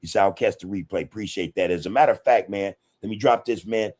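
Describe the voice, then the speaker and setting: A man's voice: fairly low pitch, fast talker, darkish tone. A man hosting a casual livestream podcast, talking in a loose, slangy way and greeting viewers directly, with "man" and "you know" in almost every sentence. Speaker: podcast host. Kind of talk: casual livestream chat, reading viewer comments.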